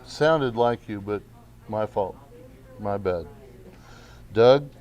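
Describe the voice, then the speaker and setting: A man's voice: lowish voice, a little mellow, lo-fi sound. A male teacher giving a class lesson in a casual way, often checking in with "okay". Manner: slow, casual, keeps saying okay. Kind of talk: classroom instruction.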